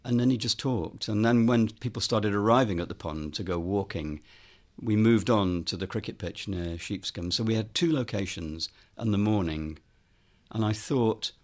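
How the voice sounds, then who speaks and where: In an anecdotal storytelling interview, a man who is a filmmaker and author tells a long story at normal speed. His fairly low voice stays relaxed, peppered with ums, as he voices the people he quotes.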